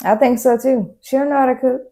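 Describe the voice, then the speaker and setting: A woman's voice: high voice, steady tone, fast, warm tone. A woman co-hosting a reaction show who chimes in with agreement and her own opinions in casual chat. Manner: chimes in with short agreements, then gives her own take.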